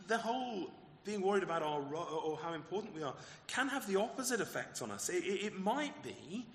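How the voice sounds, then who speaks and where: A man, the vicar, preaching a lively sermon and acting out the quoted exchanges, with some stumbles and repeated words. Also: sits high, roomy sound, in a large hall. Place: church.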